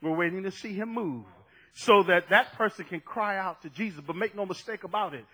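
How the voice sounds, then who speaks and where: A man preaching a fervent sermon, dropping low and then shouting as he acts out scripture. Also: fairly quick, breathy edge, rough recording.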